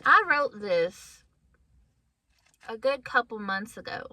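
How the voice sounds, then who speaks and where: A woman talking casually and with deep feeling in a personal vlog from her car, at times close to tears and worn down by a headache. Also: animated, slow, pushed and bright, no echo. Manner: emotional, heartfelt, tearful at times. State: has a migraine. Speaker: vlogger.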